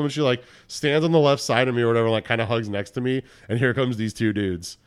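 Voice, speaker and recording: A man's voice: lowish voice, quick pace, smooth. A man telling a long story on a podcast in a casual, laid-back way, full of slang. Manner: laid-back, crude slang, peppers speech with "bro" and "dude". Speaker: podcast guest.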